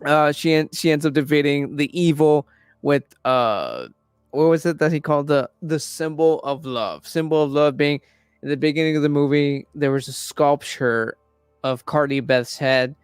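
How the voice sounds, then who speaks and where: A young man in casual chat, rambling and swearing a lot while retelling a story with animated energy. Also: on the high side, normal speed, clean tone, no echo, clean studio sound, soft background music. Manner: acts out quoted characters in raised voices. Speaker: podcast host.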